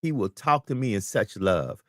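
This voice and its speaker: A man's voice: fairly low pitch, lively intonation, moderate pace, a bit bright, no echo, studio quality. Emphatic preachy man talking. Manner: emphatic, preachy, repeats words. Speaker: guest. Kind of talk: casual talk show chat.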